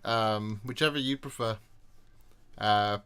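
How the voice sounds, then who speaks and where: This model-building streamer talks slowly in a fairly low, smooth voice with a sharp tone. Chatty and self-deprecating, he greets viewers and reads the chat aloud on his casual stream.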